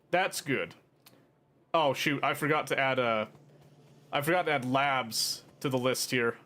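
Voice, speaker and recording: Man, game streamer, casual chat, teasing, mock-dramatic, very animated pitch. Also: measured pace, slight background noise. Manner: rambling, talks to chat. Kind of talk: casual live-stream chat while gaming.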